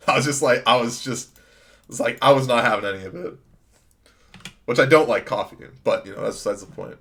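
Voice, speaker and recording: A man's voice: mid-range voice, fairly quick, pushed and bright. A young man telling a rambling, self-mocking story in casual speech while playing an online card game. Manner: rambling anecdote with filler "like", laughing at himself. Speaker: gaming streamer.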